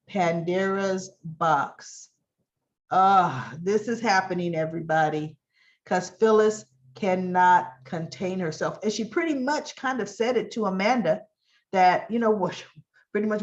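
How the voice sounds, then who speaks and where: A woman talks through the latest soap episode in a loose, chatty way, acting out the characters' lines as she retells each scene. Her voice sits at a middle pitch. The recording sounds dull and lo-fi. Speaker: soap opera recap vlogger. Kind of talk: casual spoken episode recap.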